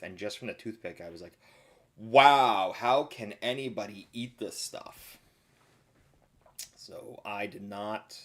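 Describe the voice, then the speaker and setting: A man's voice: deep voice, gravelly, a bit bright. A chef talking casually on a live stream, telling rambling stories and acting out the people he quotes. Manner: rambling storyteller, acts out quoted voices.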